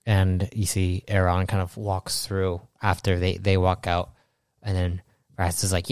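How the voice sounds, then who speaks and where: A man's voice: low-pitched, monotone, smooth, no room sound, studio quality. Young man narrating a tabletop game. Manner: casual, halting narration with frequent restarts. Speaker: game master.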